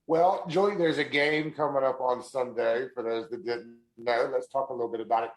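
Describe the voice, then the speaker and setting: A man hosting a sports podcast, asking his guest questions in a relaxed, conversational way. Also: mid-range voice, normal speed, low-quality recording. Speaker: podcast host. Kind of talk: casual podcast interview.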